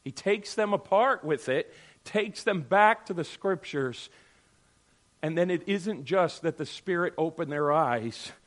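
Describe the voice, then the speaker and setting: A man teaching from scripture in a lively, conversational way, slipping into quick little voices for his listeners. His voice sits a bit high for a man and jumps between loud bursts and near-murmurs. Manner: animated, acts out quoted voices, sudden drops to near-murmur. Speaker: Bible teacher.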